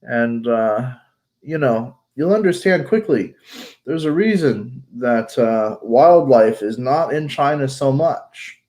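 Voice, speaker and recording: A man talks in a loose, rambling way, swearing freely and circling back on his words. His voice carries a stuffed-up, allergy-congested sound, and his pitch sits at an ordinary middle level for a man. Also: animated, slow pace, darkish tone. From United States. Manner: rambling, blunt, profane, many fillers and restarts. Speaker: vlogger. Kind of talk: casual chat.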